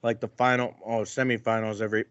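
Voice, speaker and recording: A man's voice: fairly low pitch, little pitch movement, quick pace, fairly bright tone, clean tone, no room sound, lo-fi sound. Easygoing man chatting on a podcast. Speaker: podcast co-host. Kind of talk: casual podcast chat.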